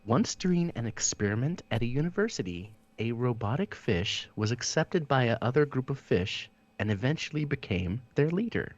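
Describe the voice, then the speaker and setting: A man's voice: mid-range voice, big pitch swings, moderate pace, hardly any pauses, muffled recording. A man hosting a casual comedy podcast, reading trivia questions aloud in a playful, giggly manner. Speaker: podcast host, trivia quizmaster.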